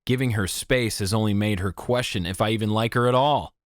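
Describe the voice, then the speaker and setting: A man's voice: lowish voice, brisk, no echo, studio quality, lightly acted. A man voicing an anxious teen boy. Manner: hesitant, confiding.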